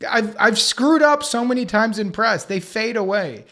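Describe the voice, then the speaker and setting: A comedian and podcast co-host, a man, telling anecdotes in an animated way and acting out other people's lines. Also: high-pitched. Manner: acts out others' lines in quick put-on voices; swears casually, riffs fast.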